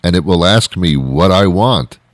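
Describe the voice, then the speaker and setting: A man's voice: low voice, lively intonation, unhurried, no echo, clean studio sound. A man delivering an exasperated, comic rant with lots of repetition and restarts. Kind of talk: ranting monologue.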